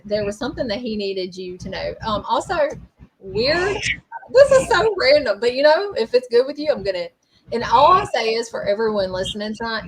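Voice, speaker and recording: A woman's voice: a little high, slightly rough, rough recording. A woman hosting a live-streamed psychic reading, rambling and hesitant with many fillers. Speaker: psychic medium host. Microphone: streaming mic.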